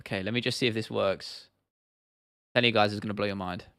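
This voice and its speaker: A man's voice: lowish voice, steady tone, brisk, creaky, fairly bright tone, smooth, no room sound, clean studio sound. A young man from the UK hosting a casual livestream Q&A, talking bluntly with plenty of slang and swearing and often restarting his sentences. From United Kingdom. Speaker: livestream host.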